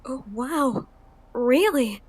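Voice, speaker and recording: A woman's voice: high-pitched, lively intonation, slow pace, dry recording, heavily acted. A woman voicing a timid, anxious young female writer who stammers and mumbles. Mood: eager. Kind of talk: fan voice acting of a visual novel.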